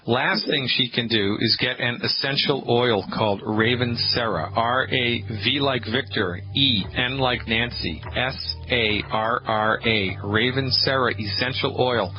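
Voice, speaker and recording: A man hosting a call-in radio show, animated and sarcastic, leaning hard on his points. His voice sits in a middle pitch. The sound is a bit muffled, with faint hiss behind it. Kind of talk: call-in health radio talk.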